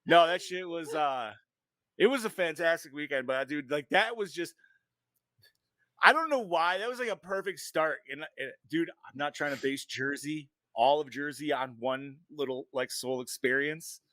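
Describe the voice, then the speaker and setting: A man's voice: fairly high pitch, moderate pace, bright, forceful tone, no room sound. A man hosting a podcast, telling a rambling story in casual chat and swearing a lot. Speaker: podcast host.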